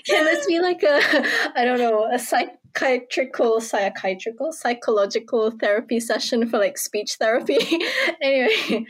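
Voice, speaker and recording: A woman's voice: on the high side, sing-song, moderate pace, hardly any pauses, husky. A woman with a British accent, chatting on a podcast and often laughing at herself. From United Kingdom. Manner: giggly and self-mocking. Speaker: podcast co-host. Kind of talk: casual chat.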